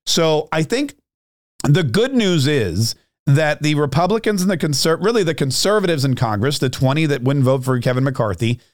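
A man's voice: fairly high pitch, expressive, normal speed, dry recording, studio quality. A man hosting a podcast, delivering a ranting, sarcastic political commentary monologue. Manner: ranting, sarcastic, repeats words.

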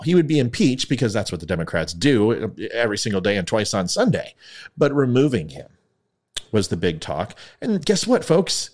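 A man hosting his own podcast, talking in a rambling, self-mocking, comedic way. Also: mid-range voice. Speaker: podcast host. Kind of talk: casual comedic commentary.

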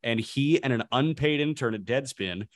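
A man co-hosting a podcast, telling stories in a lively, casual way with quick asides. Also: medium pitch, dry recording. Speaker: podcast co-host. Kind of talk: casual chat.

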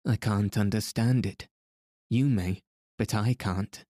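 A man voicing a proud, bitterly upset young woman in an audiobook, reading her lines slowly and low-key. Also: fairly even intonation, mellow, dry recording, studio quality.

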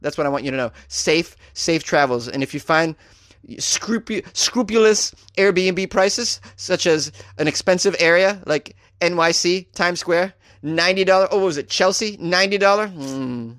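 Sarcastic Boston-accented man, higher voice. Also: normal speed, fairly bright tone, dry recording, clean studio sound. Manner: sarcastic, laughs between jokes. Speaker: host. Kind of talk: comedic news commentary.

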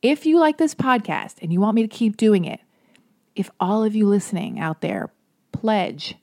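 A woman in her thirties hosting her podcast, chatting in a bubbly, rambling way and sounding highly caffeinated, like a self-described Valley girl. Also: animated, moderate pace, darkish tone. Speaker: podcast host. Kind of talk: casual podcast intro.

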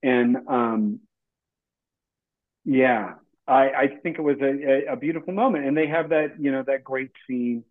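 Halting man on a tinny line. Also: medium pitch. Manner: halting, filler-heavy, reflective. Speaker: actor guest. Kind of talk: casual interview chat.

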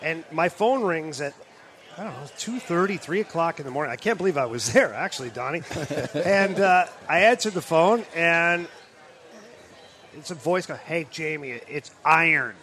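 A man's voice: a little high, normal speed, fairly bright tone. A middle-aged man, a former hockey player, telling a story in casual chat, laughing, swearing and acting out quotes. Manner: laughing, profane, acts out quotes.

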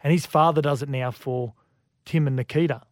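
An Australian man co-hosting a sports radio show, telling stories in a lively way and acting out quotes. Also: on the high side, brisk, no room sound, clean studio sound. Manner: lively storyteller, acts out quotes. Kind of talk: casual sports radio chat. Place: radio studio. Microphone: studio microphone.

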